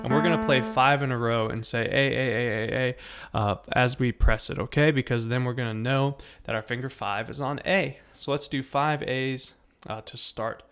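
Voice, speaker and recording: A man's voice: mid-range voice, fairly even intonation, normal speed, a bit bright. A man teaching a beginner piano lesson, patiently naming notes and counting aloud while encouraging his students.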